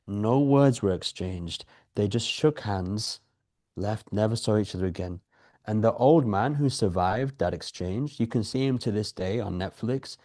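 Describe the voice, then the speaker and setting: Low, dark-voiced man musing spiritually. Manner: calm, storytelling, asks rhetorical questions. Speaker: podcast guest, spiritual teacher. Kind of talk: reflective spiritual talk.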